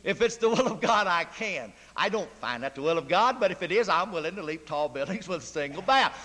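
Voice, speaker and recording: Male preacher, emphatic sermon, bright tense voice, long church reverb. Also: sits high, expressive, brisk. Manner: emphatic, rhetorical questions to the congregation. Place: church sanctuary.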